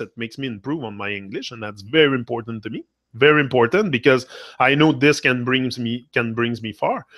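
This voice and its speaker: A man's voice: medium pitch, pushed and bright, no room sound, studio quality. A man from Quebec, a native French speaker with a Quebec French accent, hosting a live stream in casual motivational chat, rambling and drifting between English and French.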